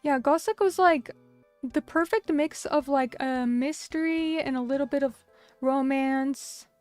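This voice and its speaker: A young woman chats with her stream audience in a high, bubbly voice. She is chatty and full of fillers as she reacts to comments. The sound is dry and close, with soft music playing underneath. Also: measured pace, no echo. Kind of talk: casual chat with viewers.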